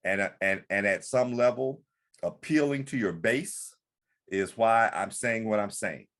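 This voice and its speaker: A man's voice: lowish voice, unhurried, a bit bright. A man co-hosting a podcast, talking politics in an earnest, emphatic way with frequent restarts. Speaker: podcast co-host. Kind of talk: political discussion.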